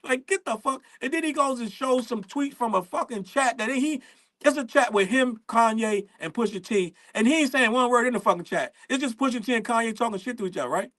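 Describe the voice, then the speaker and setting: A man hosting a show, delivering a casual, profane commentary rant with frequent laughs and animated asides. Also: very high-pitched, brisk. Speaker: show host.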